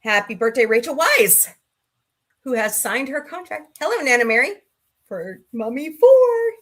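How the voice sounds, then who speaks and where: Bright, chatty woman hosting a livestream. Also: on the high side, lively intonation, moderate pace. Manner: chatty, sarcastic, greets chat viewers by name. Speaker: livestream talk show host. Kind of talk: casual livestream chat.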